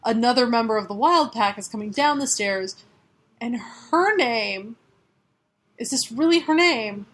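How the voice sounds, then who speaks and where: A woman co-hosting a podcast, retelling a comic book in a sarcastic, profane, animated way. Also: on the high side, a little slow. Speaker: podcast co-host. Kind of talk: casual comic book chat.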